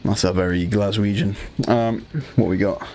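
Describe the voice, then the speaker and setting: A man hosting a relaxed livestream, chatting casually with his viewers while painting miniatures, joking and swearing freely. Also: lowish voice, normal speed. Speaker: livestream host.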